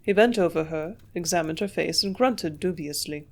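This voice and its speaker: A woman narrating an audiobook in a measured, clear storytelling manner. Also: fairly low pitch, darkish tone. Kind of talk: audiobook reading.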